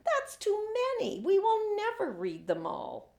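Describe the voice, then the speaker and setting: A woman's voice: huge pitch swings, a little slow, gravelly, darkish tone, heavily acted. A woman reading aloud, voicing a dismayed young schoolgirl who shrieks her words. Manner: shrill, shrieking. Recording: echoey room.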